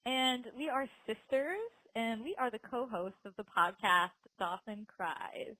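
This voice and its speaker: A woman's voice: on the high side, measured pace, pushed and bright, no room sound, low-quality recording. A woman co-hosting a podcast in casual chat, laughing often and talking with lots of fillers. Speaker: podcast co-host.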